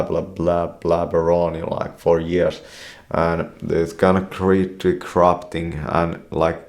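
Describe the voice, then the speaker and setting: A man's voice: deep voice, creaky. A man telling a meandering story, swearing constantly and dropping "you know" after nearly every phrase. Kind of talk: rambling storytelling.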